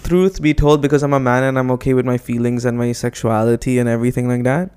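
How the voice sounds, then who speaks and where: A young man talking in a relaxed, rambling way, full of "like" and little asides. His voice is smooth and resonant, and he pokes fun at himself as he goes. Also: medium pitch, fast. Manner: rambling, filler-heavy, self-deprecating. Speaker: podcast co-host, newlywed husband. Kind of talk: casual chat.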